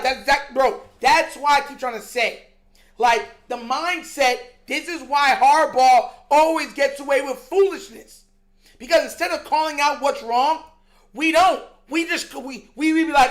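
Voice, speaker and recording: A sports show host in an animated, exasperated rant, slangy and mocking, laughing between points. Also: high-pitched, normal speed. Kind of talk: heated sports talk rant.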